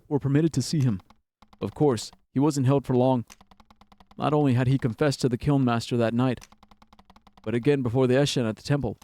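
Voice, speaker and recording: Man reading a story game aloud, mellow. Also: medium pitch, no echo. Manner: expressive reading, blurts swearing reactions. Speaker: streamer.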